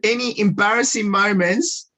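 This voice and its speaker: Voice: medium pitch, steady tone, normal speed, pushed and bright. A radio interviewer, putting upbeat questions to guests over a video call.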